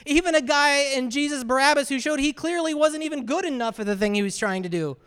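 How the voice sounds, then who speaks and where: A man's voice: very high-pitched, quick pace, a bit bright. A man preaching a sermon as a pastor, talking conversationally and often asking the congregation "right?". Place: church sanctuary. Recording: reverberant hall.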